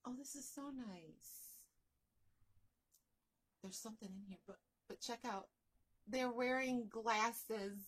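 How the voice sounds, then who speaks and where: A woman vlogging as she unboxes a crochet gift, gushing and excitable, often repeating herself. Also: a little high, slow, pauses often, husky. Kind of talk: unboxing vlog.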